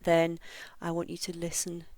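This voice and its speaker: A woman teaching English pronunciation in an online lesson. She explains each point and reads model phrases with slow, careful, over-articulated stress. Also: on the low side, monotone, darkish tone, no room sound.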